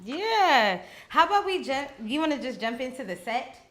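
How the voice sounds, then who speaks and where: A woman's voice: high voice, sing-song, normal speed, a bit bright. A woman from Seattle, a singer and DJ, introducing herself casually in an easygoing way. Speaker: guest, singer and DJ.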